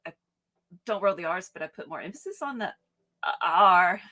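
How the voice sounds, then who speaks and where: Female co-host, bright and crisp tone, lively pitch, teasing chat. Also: normal speed. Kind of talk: casual live-stream chat.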